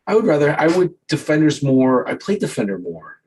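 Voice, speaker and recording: A man's voice: fairly high pitch, sing-song, brisk, darkish tone, breathy edge, low-quality recording. A man hosting a podcast, talking in a chatty, self-interrupting way. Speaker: podcast host. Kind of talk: casual chat.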